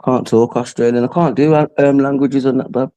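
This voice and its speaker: A man's voice: mid-range voice, fairly even intonation, brisk, mellow. A man chatting casually as host, rambling in street slang. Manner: rambling, slangy, says "you get me". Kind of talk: casual chat.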